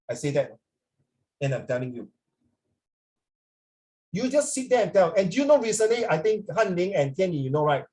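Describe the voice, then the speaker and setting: A man with a Singaporean accent who teaches in a loose, conversational way, sitting a little high in his pitch. He drifts between English and Mandarin and keeps asking his students whether they agree. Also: very animated, normal speed, long pauses, a little mellow, rough recording. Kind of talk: casual classroom talk to students.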